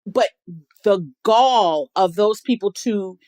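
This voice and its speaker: A middle-aged woman in a casual podcast chat, talking with emphatic, animated force. Her voice sits at an ordinary middle pitch. The sound is dry and close, with no room around it. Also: slow pace, dry recording. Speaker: podcast guest.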